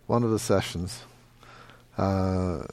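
A middle-aged man teaching a meditation class, answering questions in a relaxed, halting way with many fillers. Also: low-pitched. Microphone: microphone.

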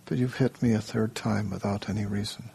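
A man voicing a wise wife who firmly warns her husband, in his own gravelly, husky voice. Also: fairly low pitch, steady tone, fairly quick, dark tone, pitched below the performer's own voice, exaggerated voice. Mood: calm stern.

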